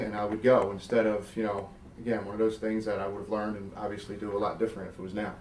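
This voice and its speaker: A man's voice: on the low side, very fast, roomy sound, far from the mic, a little hiss or hum. A middle-aged man from South Jersey being interviewed, telling stories with vivid quoted dialogue and casual swearing. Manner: animated, swears freely, acts out quotes. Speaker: guest, former wrestler. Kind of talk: storytelling interview.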